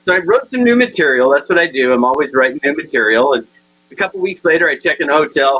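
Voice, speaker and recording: A man with a high, bright voice gives a funny keynote talk, swinging his pitch widely as he acts out both sides of each exchange. His delivery is animated and playful. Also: fast talker, slightly rough, highs cut off. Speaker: motivational speaker. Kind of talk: humorous keynote storytelling.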